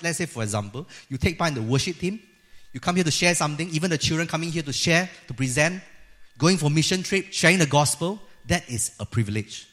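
A middle-aged man preaching a sermon as a pastor, lively and acting out the voices he quotes. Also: a little high. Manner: lively, acts out quoted voices of God and people.

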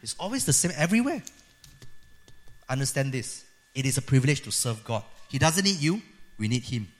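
A middle-aged man preaching a sermon as a pastor, lively and acting out the voices he quotes. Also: medium pitch, fairly quick. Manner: lively, acts out quoted voices of God and people.

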